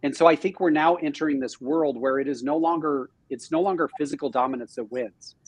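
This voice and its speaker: An animated man speaks as a guest on a casual podcast, joking at his own expense and restarting his thoughts. His voice is a touch high and noticeably husky. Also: a little fast. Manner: animated and self-deprecating, frequent restarts. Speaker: real estate team leader, podcast guest. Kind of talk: casual interview chat.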